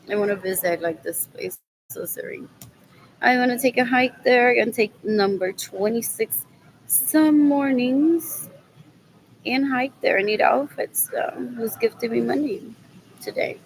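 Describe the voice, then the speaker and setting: Rambling, scornful higher-pitched woman. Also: measured pace, a little hiss or hum, poor audio. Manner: rambling, repeats phrases over and over; scornful, muttering disgusted remarks. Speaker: vlogger. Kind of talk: casual rambling monologue to viewers.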